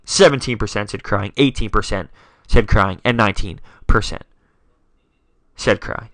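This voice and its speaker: A man's voice: lowish voice, moderate pace, fairly bright tone, dry recording. A young man hosting a solo sports talk podcast, dramatic and self-mocking as he rattles off scores. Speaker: podcast host.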